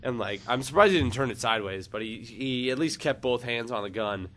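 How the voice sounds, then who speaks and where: A man's voice: mid-range voice, fairly quick, fairly bright tone. A man telling a long funny story on a casual podcast, rambling with many fillers. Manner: rambling, lots of "like" and "uh", laughs at own story.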